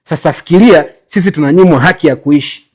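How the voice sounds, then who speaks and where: A man's voice: a little high, fast talker. A man from Tanzania, giving a critical commentary in a bitter, sarcastic, lecturing way.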